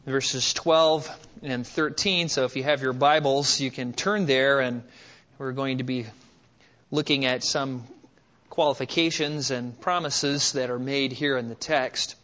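A man preaching a sermon as pastor, telling stories with frequent filler pauses, on a dull lo-fi recording. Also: mid-range voice, fairly even intonation, a bit bright.

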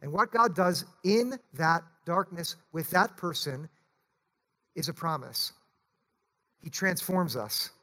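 A man's voice: a little high, animated, takes it slowly, pauses often, bright, forceful tone. A male pastor preaching a sermon in a church, earnest and pleading, often urging his listeners to listen.

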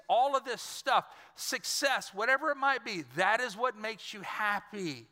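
A man's voice: sits high, pushed and bright, in a large hall. A man from Louisiana, preaching a sermon and telling stories straight to his congregation. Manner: storytelling, addresses congregation directly. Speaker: pastor.

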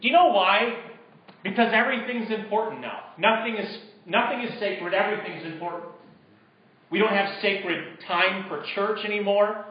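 A man's voice: high voice, moderate pace, roomy sound, dull audio. A man preaching a sermon as pastor in a church sanctuary, talking conversationally and then building to emphatic bursts.

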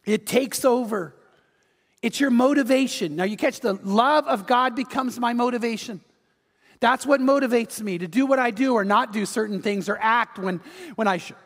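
A man's voice: very high-pitched, normal speed, in a large hall. A male pastor preaching a sermon, telling a story with acted-out quotes and urging his listeners on. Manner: animated storytelling, acts out quotes, urges the audience.

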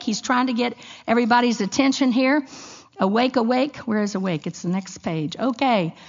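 Middle-aged woman teaching the bible to a ladies group, tells stories with lots of expression, kinda high voice, muffled lo-fi sound. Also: moderate pace, gravelly. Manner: expressive storytelling, acts out voices in quotes. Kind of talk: sermon with personal story. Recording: dull lo-fi recording.

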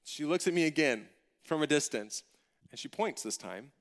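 A man preaching a sermon, telling a personal story in an animated, humorous, conversational way. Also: on the high side, normal speed. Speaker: pastor.

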